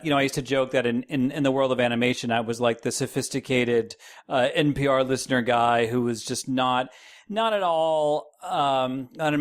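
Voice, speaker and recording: A man guest on a podcast, talking in a self-deprecating, jokey way with animated bursts. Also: medium pitch. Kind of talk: casual chat.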